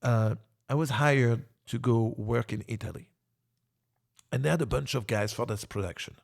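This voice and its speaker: A man's voice: medium pitch, moderate pace, gravelly. A man in his forties from France with a French accent, telling casual stories as an interview guest, cursing freely and acting out what others said. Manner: swears a lot, animated retelling with quoted voices. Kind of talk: casual storytelling.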